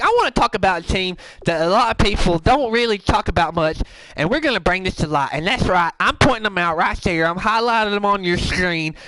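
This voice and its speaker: A man's voice: sits high, bright, forceful tone, no room sound, low-quality recording. A man playing a brash, bragging sports talk show host who delivers gossipy hot takes.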